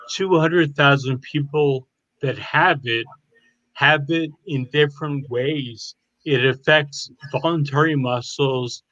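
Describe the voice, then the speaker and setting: Slow-talking man in his fifties, dull dry sound. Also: mid-range voice, a bit bright, dry recording. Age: 50s. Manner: upbeat, joking, unhurried. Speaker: podcast guest. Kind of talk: interview talk. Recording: dry, muffled.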